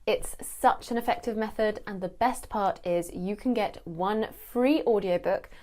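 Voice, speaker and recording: A woman gives a scripted lesson to camera, speaking clearly and slowing down to model how words are pronounced. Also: medium pitch, darkish tone. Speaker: English teacher.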